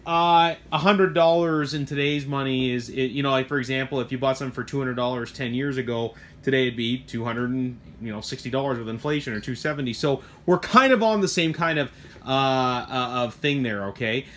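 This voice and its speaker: A middle-aged man who owns a hobby shop discusses a truck he sells, his mid-range voice fairly quick. The talk is casual and lively, rambling with asides and a bit of mild swearing.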